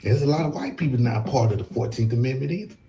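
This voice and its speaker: A man on a panel podcast making emphatic, repetitive points, slowing down to stress them. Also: medium pitch, expressive, dark tone. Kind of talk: casual political discussion.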